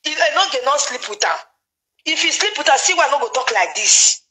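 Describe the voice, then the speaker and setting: A woman with a Nigerian Pidgin accent talks gossip in a casual, animated chat. Her voice sits high and bright, and she repeats words for emphasis. She sounds excitable throughout. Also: fairly quick, low-quality recording. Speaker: gossip commentator.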